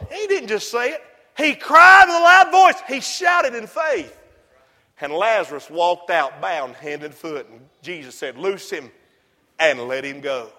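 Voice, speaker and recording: A preacher man with a very high, bright, piercing voice hollers and whoops his way through a fiery sermon. He drops now and then into low, quick asides. A long reverb trails off every shout in the church hall.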